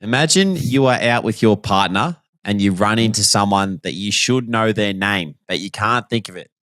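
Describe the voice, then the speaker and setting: A man's voice: lowish voice, moderate pace, no room sound. Laid-back Australian man, dry close sound. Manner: relaxed, laughing, matey. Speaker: podcast co-host and footballer. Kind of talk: casual chat.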